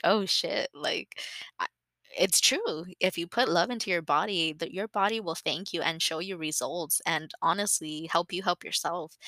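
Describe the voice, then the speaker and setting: A young woman speaks in a candid solo monologue, frank and profane, sharing personal feelings openly. Her voice sits slightly low but sounds bright and clear. The recording is dry and close, with no room sound. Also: dry recording. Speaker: podcast host.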